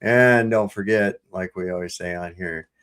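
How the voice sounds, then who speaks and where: A man's voice: deep voice, moderate pace, fairly bright tone, clean tone. A man hosting a casual live-stream panel, loose and crude, cracking jokes as he signs off. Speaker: host.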